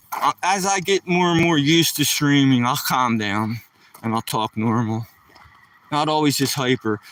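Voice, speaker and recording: Walking outside during a casual live stream, this East Coast American keeps up a constant hyper, jokey patter with his viewers. His fairly high, fairly bright voice is recorded dry and from a distance, and the recording is rough.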